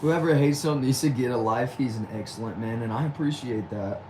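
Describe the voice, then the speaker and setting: A man's voice: mid-range voice, brisk, darkish tone, a little hiss or hum, low-quality recording. A young man from Texas, hosting a casual livestream and answering viewer comments aloud. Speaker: livestream host.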